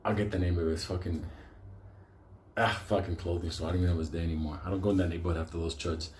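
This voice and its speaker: A man with a New York accent telling a wild story with constant swearing, getting loud and excited at the scary parts. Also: low voice, rapid-fire, echoey room, a little hiss or hum. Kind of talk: profane comic storytelling.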